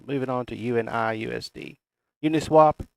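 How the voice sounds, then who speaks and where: A man's voice: mid-range voice, normal speed, creaky, no echo. A middle-aged man with a Southern US accent, reading out price levels in casual, folksy chart commentary. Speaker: crypto chart analyst.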